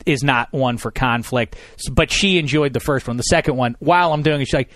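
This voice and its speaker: A man in his thirties hosting a radio talk show, telling a story in a lively, sarcastic way. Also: mid-range voice, fairly quick, no room sound, studio quality. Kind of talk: casual storytelling chat.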